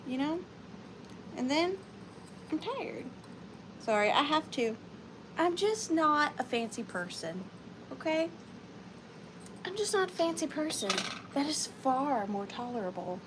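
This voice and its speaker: A woman's voice: fairly high pitch, a bit bright, slight background noise. A woman hosting a live sale stream, chatting casually and playfully with viewers.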